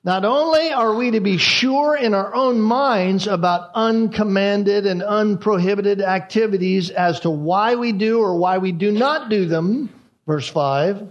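Slow, high-voiced man preaching. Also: muffled recording. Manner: deliberate, repeats key phrases for emphasis. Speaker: pastor. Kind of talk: expository sermon.

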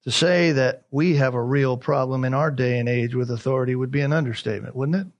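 A man's voice: mid-range voice, steady tone, quick pace, muffled recording. A man preaching a sermon as a pastor, emphatic, repeating key phrases and asking rhetorical questions.

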